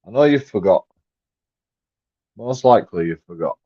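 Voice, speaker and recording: Low-voiced, swearing man. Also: lively intonation, normal speed, breathy edge, dry recording. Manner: rambling, profane, jumps between mumbled asides and loud outbursts. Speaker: live streamer. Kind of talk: rambling live-stream monologue. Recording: dry, dull lo-fi sound.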